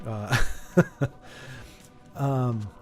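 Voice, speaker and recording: A man's voice: mid-range voice, steady tone, very slow, a little mellow, soft background music. A man streaming a game, chatting casually and rambling with stammers and repeated words as he answers viewer chat. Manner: reads viewer chat aloud and teases. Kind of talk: casual chat while gaming.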